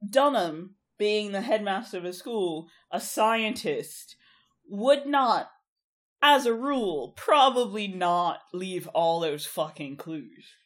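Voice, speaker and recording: A woman co-hosting a podcast in casual chat, animated and full of "like" fillers. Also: mid-range voice, slow pace. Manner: animated, frequent "like" fillers, laughs often. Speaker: podcast co-host.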